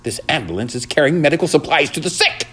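Squeaky earnest little mouse, brave storybook hero, very high, husky edge. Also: male voice, wildly swooping pitch, a little slow, bright, forceful tone, heavily acted. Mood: indignant. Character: small brave young male mouse driving a toy ambulance.

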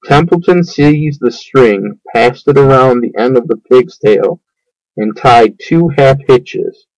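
A man reading a children's book aloud, in an unhurried, measured way. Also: medium pitch, animated, darkish tone, no room sound, rough recording. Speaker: storyteller.

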